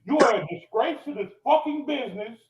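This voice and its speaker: A man's voice: very high-pitched, lively intonation, fairly quick, roomy sound, distant mic, highs cut off, background noise. A man delivering a furious, profane rant on a podcast recorded live on location. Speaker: podcast regular. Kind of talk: angry rant. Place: cigar lounge, live on location.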